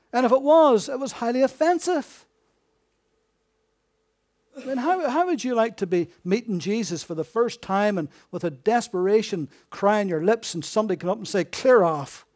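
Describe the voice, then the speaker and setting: Male preacher, high voice, sermon delivery, rhetorical questions, hushed to emphatic. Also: animated, moderate pace. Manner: swings between hushed and emphatic.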